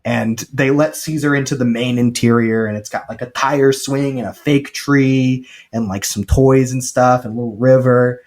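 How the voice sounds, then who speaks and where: A man co-hosting a casual podcast, retelling a film with jokes and quick paraphrased lines from its characters. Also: mid-range voice, fairly even intonation, darkish tone. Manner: chatty, joking, quick paraphrased quotes. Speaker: podcast co-host recapping a film. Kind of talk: casual chat.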